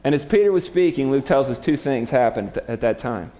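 This man's sermon comes in a medium-pitched, mellow voice that is expressive and brisk, with a big-room sound. As pastor, he narrates the story dramatically, raising his voice to perform the lines of those in it.

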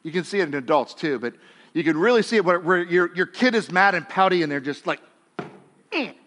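Guy preaching a sermon, pretty high voice, chatty, goes quiet then punchy, acts out the bible people in casual talk. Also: animated, quick pace, slight background noise. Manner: conversational, swings between hushed and emphatic; acts out biblical characters in casual speech. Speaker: pastor.

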